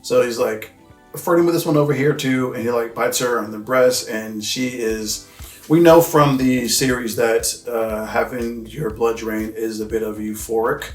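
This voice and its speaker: A man talks through a film scene by scene in a relaxed, slangy way, with frequent swearing and fillers. His voice sits at a middle pitch. The room sounds echoey, and faint music plays underneath. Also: a little slow. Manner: loose, slangy, swears freely. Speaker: film reviewer. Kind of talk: casual film recap.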